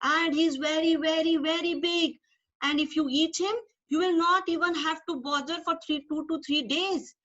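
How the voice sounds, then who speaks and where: Pleading billy goat, played by a woman, Indian English accent, high pitch, dull lo-fi sound. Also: fairly even intonation, normal speed, fairly bright tone. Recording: dull lo-fi recording.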